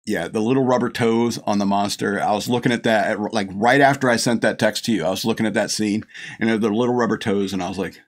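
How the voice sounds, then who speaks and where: A man's voice: lowish voice, fairly even intonation, fast talker. A middle-aged man hosting a show, rambling casually and chuckling often as he gushes about a film. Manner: gushing, chuckling often, many restarts. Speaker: podcast host reviewing a film.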